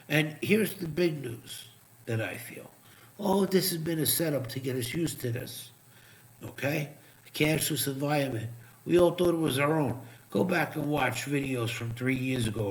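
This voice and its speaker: A man giving profane, sarcastic live trading commentary, muttering asides as he checks charts, while his voice is going hoarse. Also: fairly high pitch, normal speed. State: losing his voice. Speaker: crypto trading streamer.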